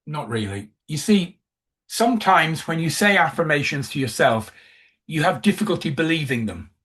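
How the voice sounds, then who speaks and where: A man's voice: fairly high pitch, lively intonation, normal speed, a bit bright. Emphatic male coach. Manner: emphatic, repeats key phrases. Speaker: life coach presenter. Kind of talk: coaching presentation.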